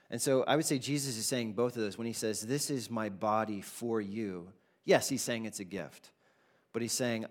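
A man preaching a sermon as pastor, in a conversational, animated way with casual asides. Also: mid-range voice, normal speed.

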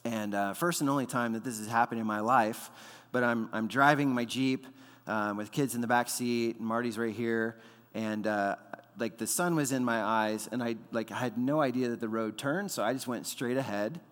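A man's voice: medium pitch, moderate pace, a bit bright. Man preaching in a reverberant hall. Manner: conversational preaching with frequent fillers and repeated words. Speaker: pastor. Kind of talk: sermon.

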